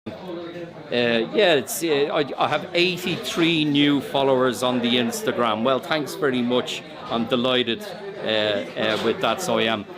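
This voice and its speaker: Irish guy in a loud pub, crowd chatter behind, mid voice, rambling and plugging his stuff. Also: mid-range voice, fairly even intonation, unhurried. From Ireland. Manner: rambling, hesitant, self-promoting. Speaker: walking tour guide. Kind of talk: casual chat on a live broadcast. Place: busy pub. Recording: crowd noise from a busy pub.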